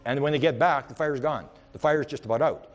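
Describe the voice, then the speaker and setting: Male lecturer with an average pitch who tells rambling anecdotes in the present tense and often restarts. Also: brisk. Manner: rambling, with frequent restarts and repeated words; animated storyteller who speaks in the present tense. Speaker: UFO researcher giving a talk.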